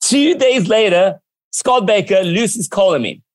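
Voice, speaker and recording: A man telling stories from his working life in a lively, animated way, often acting out what others said. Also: sits high, unhurried, dry recording. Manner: lively, acts out quoted dialogue. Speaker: guest. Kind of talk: casual storytelling.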